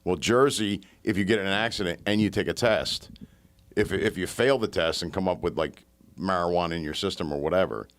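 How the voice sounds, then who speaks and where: Very deep-voiced blunt man. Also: fairly quick. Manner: blunt, profane, asks questions. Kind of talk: casual chat.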